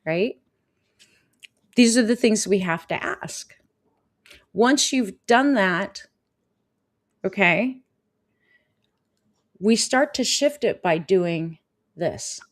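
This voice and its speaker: A woman coaching her viewers on a live stream. Her voice sits at an ordinary middle pitch. She talks in an animated way, repeating phrases and answering viewers' comments as they come in. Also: extremely slow, long pauses.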